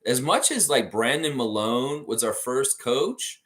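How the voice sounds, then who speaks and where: A man's voice: mid-range voice, expressive, measured pace, fairly bright tone. A middle-aged American man hosting a casual trivia livestream, reading chat comments aloud and laughing often. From United States.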